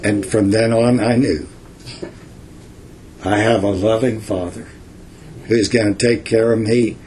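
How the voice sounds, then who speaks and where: An older man giving informal Bible teaching in a folksy, unhurried way, reading verses and adding asides. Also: fairly low pitch, steady tone, a little mellow, a little hiss or hum.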